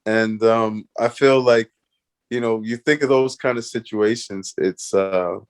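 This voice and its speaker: A man's voice: fairly low pitch, fairly even intonation, measured pace, smooth. A man from Canada, a guest in an interview, telling a story animatedly with laughs and restarts.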